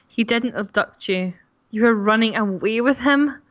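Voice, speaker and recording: A woman's voice: on the high side, a little slow, fairly bright tone, no room sound. Woman voicing an earnest young Amazon princess.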